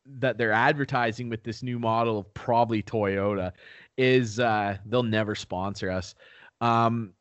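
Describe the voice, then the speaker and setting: A young man co-hosting a casual podcast, rambling through stories and acting out quotes in high squeaky voices. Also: a little slow, clear, resonant tone, no room sound, highs cut off. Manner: rambling, animated storyteller who acts out quotes in high voices. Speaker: podcast co-host. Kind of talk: casual chat. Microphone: new podcast microphone.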